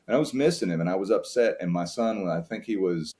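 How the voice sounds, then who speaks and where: A very deep-voiced man speaks as a podcast guest, earnest and open as he reflects on fatherhood. His talk is warm in content but plain, full of restarts as he searches for words. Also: animated, fast talker. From United States. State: tearing up at times.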